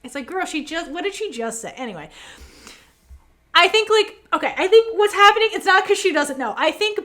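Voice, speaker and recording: A woman co-hosting a podcast, chatting casually and animatedly with lots of fillers as she recaps scenes. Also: very high voice. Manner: animated, fast, many fillers, quotes characters. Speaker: podcast co-host.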